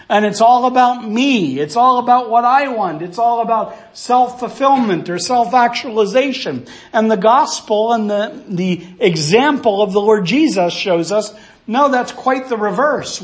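High-voiced man preaching verse by verse. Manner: earnest, teaching verse by verse; asks rhetorical questions. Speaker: pastor. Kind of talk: expository sermon.

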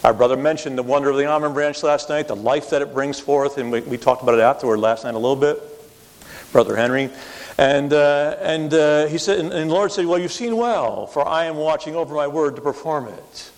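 A man giving a Bible study lecture, explaining passages patiently and often checking in with his listeners with quick tag questions. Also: on the high side. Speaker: Bible teacher. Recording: long hall reverb.

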